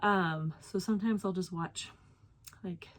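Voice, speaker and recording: Young female vlogger, slightly low voice, loose and rambling, thinks aloud and trails off. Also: steady tone, unhurried. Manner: chatty, lots of fillers and self-corrections. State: slightly out of breath. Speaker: knitting podcast host. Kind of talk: casual chat to camera.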